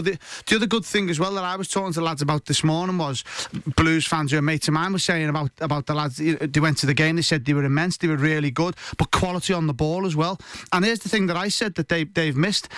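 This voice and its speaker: Fast-talking football pundit man. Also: on the high side, no echo. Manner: rapid, animated, with frequent restarts. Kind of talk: radio sports chat. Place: radio studio.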